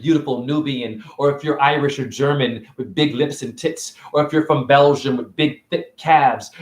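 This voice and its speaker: A man giving a rambling, confrontational livestream monologue. He fires off rhetorical questions, and his pitch swings widely. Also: roomy sound. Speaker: spiritual vlogger and store cashier.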